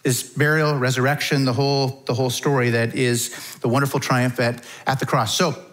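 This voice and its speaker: A middle-aged man preaching a sermon to his church in a relaxed, conversational way, with frequent fillers. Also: medium pitch, moderate pace, rough recording. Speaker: pastor.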